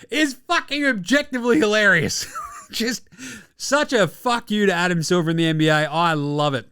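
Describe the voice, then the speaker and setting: A man's voice: high voice, normal speed, bright, forceful tone, clean tone, no echo, clean studio sound. A man with an Australian accent hosting casual sports commentary, jokey and profane in his rants. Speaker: host.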